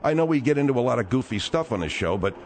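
Radio host guy, halting and soothing, lots of uhs. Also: medium pitch, animated, a little mellow, slight background noise. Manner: halting, placating, many fillers. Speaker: radio talk show host. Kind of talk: call-in radio chat.

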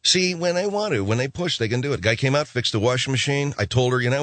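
A man's voice: mid-range voice, lively intonation, fast, hardly any pauses, a bit bright, no room sound. A man hosting a radio show, telling rambling stories with sarcastic jokes. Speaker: radio host. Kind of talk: comic radio monologue.

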